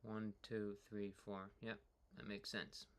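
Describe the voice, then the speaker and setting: A man casually rambling through his own workout data, excitable and full of "like", swinging between hype and low mutters. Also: slow pace. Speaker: cyclist streamer reviewing his workout.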